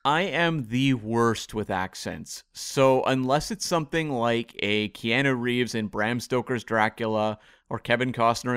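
A man co-hosting a casual podcast, talking in a thoughtful, measured, hedging way. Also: mid-range voice, a bit bright, clear, resonant tone, no room sound, clean studio sound. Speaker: podcast co-host. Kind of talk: casual discussion of a TV episode.

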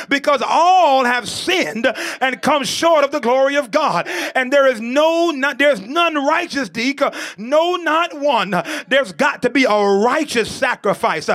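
High, bright-voiced impassioned male preacher. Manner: impassioned preaching, rising to shouts; rhythmic repetition, frequent "uh" fillers. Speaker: pastor. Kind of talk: sermon.

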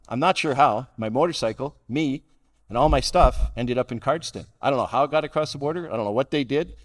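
A middle-aged man tells his own story to a gathering in a wry, self-deprecating way. He keeps a dry sense of humour and chuckles at his own jokes between lines. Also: mid-range voice. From Calgary, Canada. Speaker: guest speaker at a recovery roundup. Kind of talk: humorous personal storytelling talk.

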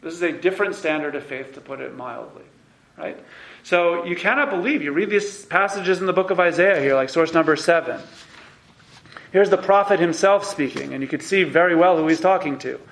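A male teacher leading a text-study lesson, emphatic and animated, in a fairly high voice. The classroom rings with echo around him. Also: brisk, creaky. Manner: animated and emphatic, reads quotes aloud.

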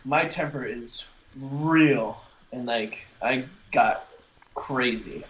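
A man co-hosting a podcast in casual chat, teasing and chiming in with quick reactions. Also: medium pitch, fairly bright tone, dull audio. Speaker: podcast co-host.

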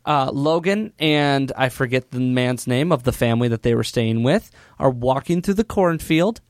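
A man on a podcast casually recapping a movie's plot, telling it loosely with fillers and quick impressions. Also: medium pitch, darkish tone, dry recording, clean studio sound. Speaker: podcast co-host.

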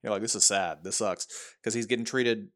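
A man co-hosting a casual movie podcast, telling scenes in an animated way and acting out lines. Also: on the low side, fairly quick. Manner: animated storytelling, acts out quotes. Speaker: podcast co-host.

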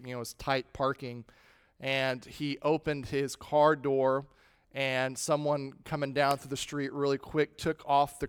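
A man preaching a sermon as pastor, stressing points loudly and letting phrases fall away quietly. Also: mid-range voice, clean tone, no room sound. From United States. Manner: emphatic, swings between loud stress and quiet endings.

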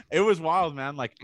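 A man's voice: fairly high pitch, no room sound. Swearing, rambling man telling stories. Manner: rambling storyteller, swears a lot, acts out quotes. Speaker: podcast co-host. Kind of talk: casual chat.

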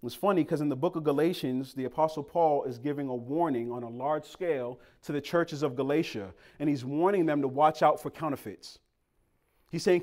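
A man's voice: a little high, a little fast. A young man from Boston preaching, telling a humorous story and acting out the people in it. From Boston, Massachusetts. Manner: animated, playful, acts out quoted voices. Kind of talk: storytelling sermon.

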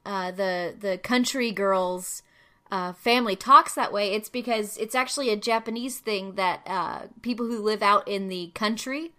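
Casting: bright, clear woman as a chatty host who rambles with lots of "um"s. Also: medium pitch, moderate pace. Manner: chatty, explains at length with many fillers. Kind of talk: casual chat.

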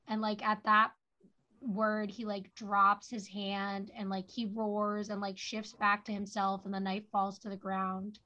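A woman's voice: mid-range voice, level tone, unhurried, bright, forceful tone. A woman co-hosting a podcast, recapping a TV episode in casual chat, full of "like" fillers. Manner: chatty, lots of "like" fillers. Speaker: podcast co-host. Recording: dull lo-fi audio.

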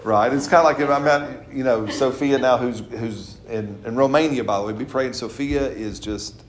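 A man's voice: medium pitch, normal speed. A middle-aged man, a pastor teaching a Bible study in a chatty, laughing way, often asking "right?" of his listeners. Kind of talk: informal teaching with congregation replies. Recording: roomy echo, faint background noise.

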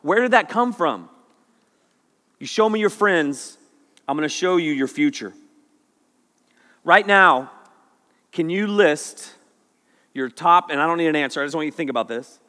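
Animated man preaching in an echoing hall. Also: on the high side, moderate pace, long pauses. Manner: animated, joking storyteller. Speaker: youth pastor. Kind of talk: sermon. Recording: long hall reverb.

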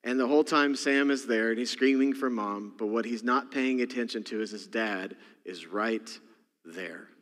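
Male senior pastor, relaxed storyteller mid-sermon, ringing bright voice, reverberant sanctuary. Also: medium pitch, normal speed. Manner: casual, chuckling storytelling to the congregation. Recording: long hall reverb.

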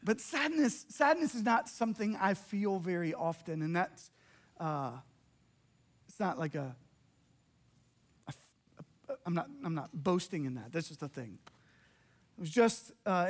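A middle-aged man preaching a sermon as pastor, animated and emotional, acting out little dialogues. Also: high voice.

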